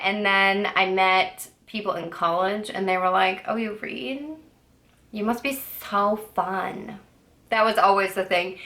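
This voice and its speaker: Bright-voiced chatty young woman vlogging. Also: medium pitch. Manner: rambling and chatty, full of "like" and "I don't know"; playfully sassy asides. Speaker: book vlogger. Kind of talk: casual chat.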